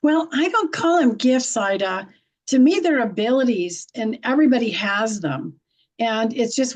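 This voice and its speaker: A middle-aged woman with a high voice tells stories in a blunt, folksy manner. She laughs easily and speaks in an unpolished, chatty way. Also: a little mellow, low-quality recording. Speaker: guest, intuitive and animal communicator. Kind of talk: conversational storytelling.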